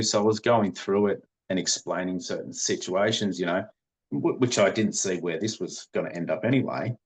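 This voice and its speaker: As a guest on a podcast, a middle-aged man tells his story in an earnest, rambling way during a conversational interview. His voice is fairly low in pitch, at a moderate pace.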